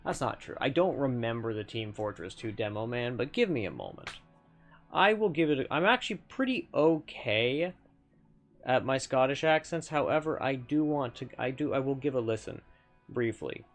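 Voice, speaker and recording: A man streaming himself playing a game, talking casually and playfully at middle pitch. His voice bounces around with lively intonation, and he keeps correcting himself mid-sentence with little joking asides. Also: moderate pace, faint music behind. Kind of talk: casual gameplay commentary.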